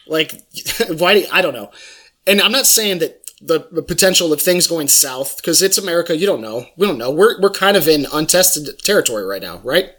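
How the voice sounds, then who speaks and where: A man's voice: a little high, expressive, brisk, a bit bright. A man co-hosting a casual chat, laughing often and talking in a hesitant way full of fillers.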